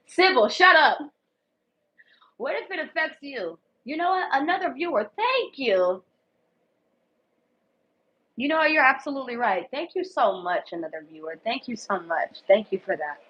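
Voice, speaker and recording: A woman doing a casual tarot reading for viewers, talking bluntly with lots of swearing and repetition. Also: mid-range voice. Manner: blunt, profane and emphatic, repeats herself. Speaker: tarot reader. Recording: dull lo-fi sound.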